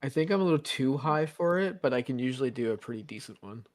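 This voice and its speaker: Relaxed, laughing stream guest, dry sound. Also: medium pitch, fast talker, no room sound. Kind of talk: casual chat.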